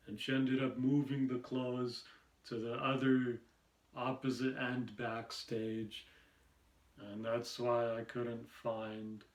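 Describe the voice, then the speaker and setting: A man doing amateur stand-up, telling meandering personal stories in a halting way, with many pauses and fillers. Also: medium pitch, roomy sound. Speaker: amateur stand-up comedian and podcast host. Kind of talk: rambling stand-up storytelling.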